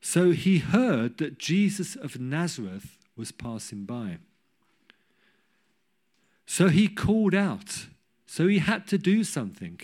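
A man preaching a sermon, telling a Bible story with humorous asides and rising to loud cries when he quotes. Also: a little high, sing-song, slow, pauses often.

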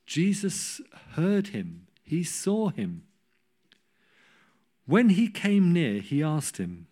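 A man preaching a sermon, telling a Bible story with humorous asides and rising to loud cries when he quotes. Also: medium pitch, big pitch swings, slow.

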